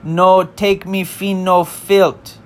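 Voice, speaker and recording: A man putting on a mock Jamaican accent as a smooth-talking male lover, reciting song lyrics in a sing-song way. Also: high-pitched, little pitch movement, slow pace, voice pushed up. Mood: flirty.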